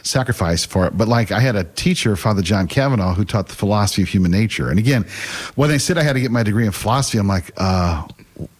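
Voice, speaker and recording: A man's voice: fairly low pitch, animated, fast talker, slightly rough. A middle-aged man talking as a guest in an earnest, casual way, with occasional stammers and restarts. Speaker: guest, faith class teacher. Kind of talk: casual conversational storytelling.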